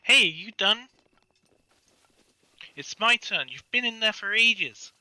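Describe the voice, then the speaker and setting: A man reading the part of a monotone, deadpan woman mage librarian. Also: sits high, normal speed, no echo, voice pushed up, full character voice, poor audio. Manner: flat, deadpan delivery. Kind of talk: casual fan story reading.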